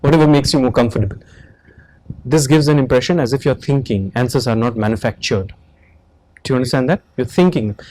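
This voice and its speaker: A man's voice: mid-range voice, brisk, darkish tone, poor audio. A man with an Indian English accent giving feedback after a mock interview, instructive and checking often that he is understood. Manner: instructive, repeatedly asks "Do you understand that?".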